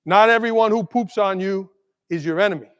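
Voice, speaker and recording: Man, keynote speaker, animated storyteller, high-pitched voice, long hall reverb. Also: brisk. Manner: animated storyteller, asks the audience questions. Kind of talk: energetic keynote talk with jokes. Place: large conference hall.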